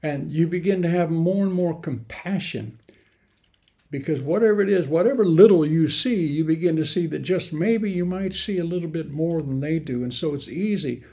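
A man preaching a sermon in an earnest way, with sudden emphatic rises and halting restarts. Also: on the high side, darkish tone. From grew up in the mountains.

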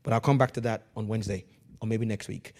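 A man preaching a sermon as pastor, swinging from quiet, measured lines to loud, emphatic ones and calling on the congregation to answer back. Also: on the low side, steady tone. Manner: calls on the congregation to respond.

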